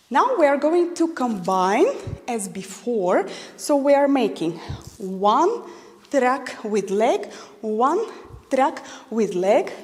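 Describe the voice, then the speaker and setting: A woman's voice: fairly high pitch, a little mellow. A woman teaching a belly dance technique, a non-native English speaker counting beats and calling moves. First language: not English. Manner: counts beats aloud, slow deliberate cueing. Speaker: dance instructor. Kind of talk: instructional dance class. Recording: long reverb in a large room.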